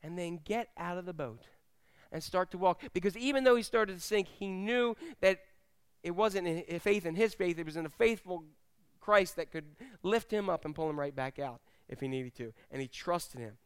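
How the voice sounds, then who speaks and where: A man's voice: sits high, normal speed, clear, resonant tone. A male pastor preaching a sermon at a church service, telling stories animatedly and acting out the voices of the people he quotes.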